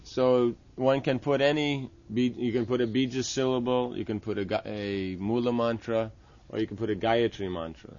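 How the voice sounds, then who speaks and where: A man's voice: medium pitch, fairly even intonation, moderate pace, hardly any pauses, a little mellow, muffled recording. A man teaching the steps of a temple worship ritual, explaining patiently and often checking with "right?". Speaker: religious teacher. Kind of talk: instructional talk on temple worship.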